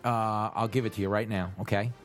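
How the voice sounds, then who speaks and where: A man co-hosting a comedic radio show from a New York studio, bantering in a joking, animated way. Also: on the low side, soft background music. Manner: animated, jokey, quick asides.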